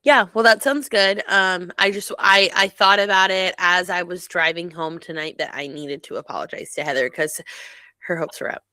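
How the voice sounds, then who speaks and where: Woman, podcast co-host, bright tone, dry close mic, casual storytelling. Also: lowish voice, normal speed, no room sound. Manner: chatty storyteller, laughs while telling. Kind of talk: casual chat.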